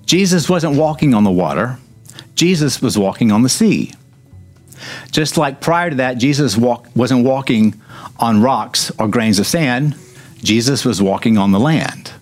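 A man's voice: medium pitch, expressive, measured pace, faint music behind. A man preaching a sermon, reading scripture and breaking into joking asides, hammering points with repetition.

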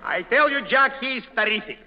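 A man's voice: extremely high pitch, animated, brisk, slight background noise. A man with a Russian accent, playing a blunt, bossy film director in a 1930s radio comedy who mangles his words. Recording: muffled old radio broadcast with long reverb.

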